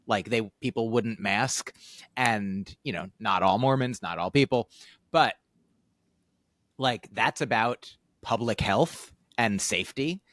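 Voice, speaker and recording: A man's voice: medium pitch, fairly bright tone, no echo, studio quality. A man hosting a podcast, talking in a casual, thoughtful, rambling way with many fillers and restarts. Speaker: podcast host. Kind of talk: casual conversational podcast chat.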